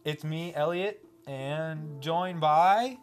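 A man's voice: on the high side, very slow, soft background music. A man hosting a let's play video, joking, laughing and reading game text aloud in casual commentary.

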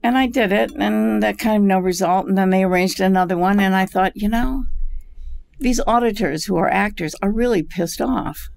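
An older woman with a gravelly, creaky tone spins long anecdotes about her acting career. She tells them with animated energy, breaking into laughter often. It sounds like a relaxed podcast conversation. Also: medium pitch, moderate pace. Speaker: actress guest. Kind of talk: casual storytelling interview.

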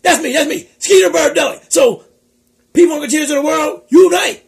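A man voicing an excitable, forgetful male bird puppet who talks loudly, giggles and mixes up his words in comic banter. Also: extremely high pitch, quick pace, creaky, heavily acted. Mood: boastful.

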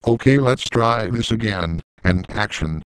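A man's voice: fairly low pitch, animated, measured pace, slight background noise. A man giving impatient directions, like a director calling takes in a comic edit. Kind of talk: comic fan edit commentary.

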